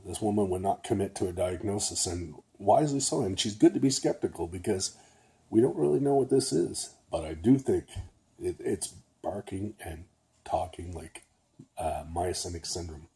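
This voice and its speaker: Husky, low-voiced older man vlogging. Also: lively intonation, moderate pace, mellow. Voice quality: a little nasal. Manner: rambling, keeps checking in with "okay?". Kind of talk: casual talk to camera.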